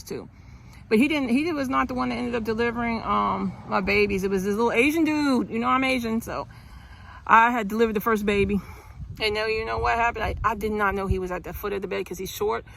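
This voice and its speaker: A woman's voice: mid-range voice, gravelly, fairly bright tone, a little hiss or hum, poor audio. A middle-aged woman telling her own birth story in a casual vlog, rambling with restarts and sighs.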